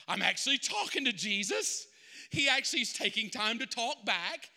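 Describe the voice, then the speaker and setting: Preacher guy, high bright voice, acting out the story, echoey church. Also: moderate pace, vocal fry. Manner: animated, acts out Bible characters. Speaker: pastor. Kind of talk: sermon. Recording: reverberant church hall.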